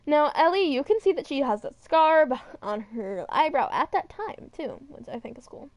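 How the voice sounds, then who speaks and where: Young female streamer, high voice, chatty and rambling, swears freely, dry recording. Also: expressive, moderate pace, dry recording. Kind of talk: casual chat over a model viewer.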